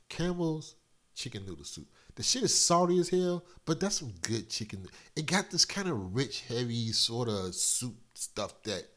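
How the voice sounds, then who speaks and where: A middle-aged man hosting a casual solo podcast, loose and profane, slightly congested from a cold, swinging between loud and quiet. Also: mid-range voice, slightly rough. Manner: loose, profane, rambling storyteller with big swings in loudness. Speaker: podcast host.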